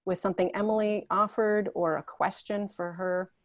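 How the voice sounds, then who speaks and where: A woman hosting a talk show gathering over a video call, gently guiding participants and reading their chat messages aloud. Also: medium pitch, fairly even intonation, moderate pace, dry recording, clean studio sound.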